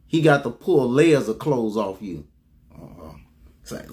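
A man preaching a sermon as an apostle, talking conversationally, calling out to the congregation and dropping into low asides. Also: animated, moderate pace, dark tone.

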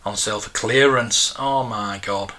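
His voice sits on the low side, a little slow and sharp in tone. The British host, in his forties, reads viewer comments on a casual live stream and wanders nostalgically from topic to topic.

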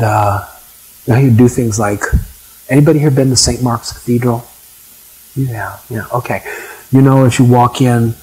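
Older male raconteur, husky and raspy, mid-range pitch, loose anecdotal delivery to a room. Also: mellow, rough recording. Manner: rambling, chatty storytelling with many asides. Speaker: storyteller. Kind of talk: anecdotal talk to a live audience.

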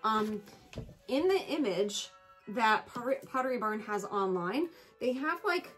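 A woman with a fairly high voice talks casually through a haul video. She gushes and gets excited, often slipping into squeals and chatty asides. Soft music plays quietly underneath. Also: unhurried. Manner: gushing and excitable, squealing over items; chatty with self-corrections and asides. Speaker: home and collectibles vlogger. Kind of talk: casual product haul chat.

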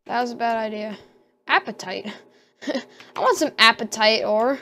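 A woman's voice: fairly high pitch, a little slow, long pauses, sharp tone. A woman giving casual let's-play commentary, talking to herself and squealing at danger. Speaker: gamer.

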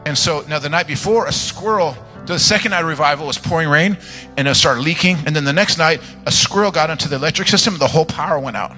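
A man's voice: on the high side, fast talker, faint music behind. A man preaching a charismatic sermon, telling jokey stories and praying fervently. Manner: animated, joking storyteller, loud fervent praying. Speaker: guest preacher.

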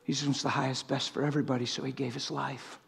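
A man preaching a sermon in a church, impassioned, swinging from loud urgent stretches to hushed, quiet ones. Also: medium pitch, level tone, quick pace, creaky, breathy edge. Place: church sanctuary.

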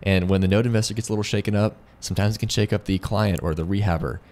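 A man's voice: on the low side, fast talker, a little mellow. A man with an American accent co-hosting a casual business discussion, adding points and using analogies, with frequent restarts. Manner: adds points, restarts phrases, uses analogies. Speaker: lending company co-host.

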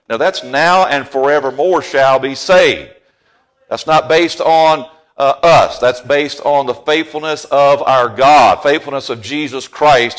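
A middle-aged man preaching a sermon in a church, folksy and joking with the congregation, rising to loud emphasis on key phrases. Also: mid-range voice, moderate pace. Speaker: pastor. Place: church sanctuary.

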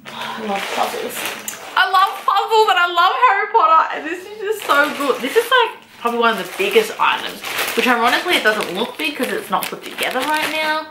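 Young woman gushing over an unboxing, pitch jumping all over, slightly high voice, roomy echo and faint hiss. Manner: gushing, exclamatory, swears casually. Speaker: book vlogger. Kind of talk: excited unboxing chat. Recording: echoey room, faint noise.

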